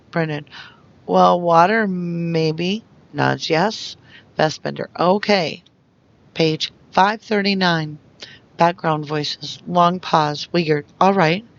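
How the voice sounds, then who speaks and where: A reader going through investigation transcripts aloud, naming each speaker and stage note in a flat way. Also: medium pitch, gravelly, highs cut off. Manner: reads out speaker labels and stage notes flatly.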